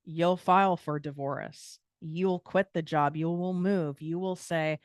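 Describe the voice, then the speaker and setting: An American woman hosts her own podcast, speaking in a clear, smooth voice. She talks bluntly and casually, swears freely and drifts into tangents as she coaches listeners. The sound is dry and close, with no room echo. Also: on the low side, steady tone, takes it slowly, hardly any pauses. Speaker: podcast host and business coach. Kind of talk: casual motivational monologue.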